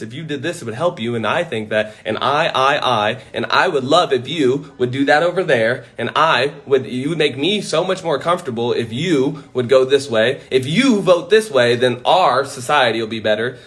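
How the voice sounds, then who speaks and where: A man's voice: medium pitch, moderate pace, hardly any pauses. A man on a casual livestream from home, talking emphatically and swearing freely into a phone. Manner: animated, profane, emphatic. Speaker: livestream host.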